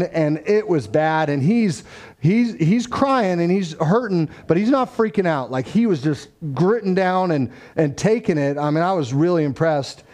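Man, conversational storyteller, lightly higher pitch, loose and informal. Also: a little mellow. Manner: conversational, acts out quoted dialogue, frequent fillers. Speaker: father telling a family story. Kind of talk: casual faith-tinged storytelling.

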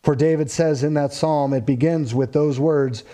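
A man preaching a verse-by-verse sermon, rising in pitch and volume for emphasis and dropping low and quiet for solemn points. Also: fairly even intonation, normal speed. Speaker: pastor. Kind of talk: expository sermon.

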